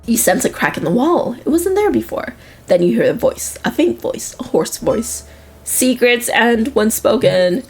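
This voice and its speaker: A woman's voice: on the high side, huge pitch swings, normal speed, darkish tone, soft background music. A young woman streaming a role-playing game, reading its text aloud with amused reactions.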